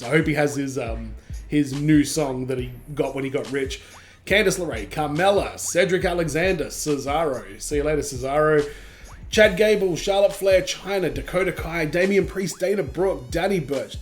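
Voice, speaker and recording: Man reading a game roster. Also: on the high side. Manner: reads names off a list with quick asides. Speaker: gaming channel host. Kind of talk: casual reaction commentary.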